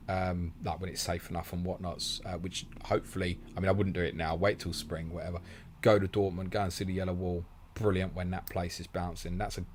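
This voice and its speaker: A man's voice: sits low, slight background noise. An English man in his young adult years, hosting a casual fantasy football live stream, reading out viewer questions and answering them bluntly, swearing casually and calling people mate.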